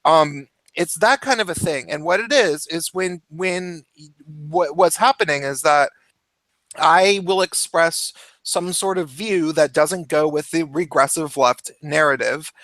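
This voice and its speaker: A man's voice: on the high side, measured pace, a bit bright, dry recording. A man in casual opinionated chat who talks in a heated rush, swears a lot and restarts his sentences often. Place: home, cat nearby.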